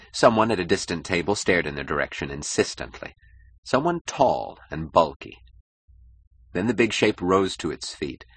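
Deep voiced guy reading an audiobook, lots of melody in his voice. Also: fairly bright tone, slightly rough. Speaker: audiobook narrator. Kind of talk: audiobook narration.

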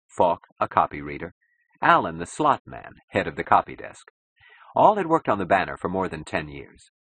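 A man reading a novel aloud as a narrator, in a measured, dramatic manner. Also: deep voice, fairly bright tone, breathy edge, no echo, rough recording. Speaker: audiobook narrator. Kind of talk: scripted narration.

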